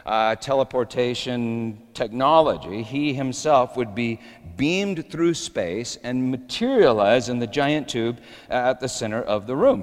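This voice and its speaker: A middle-aged male pastor telling a story in a sermon, building up to shouts. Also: medium pitch, big-room sound.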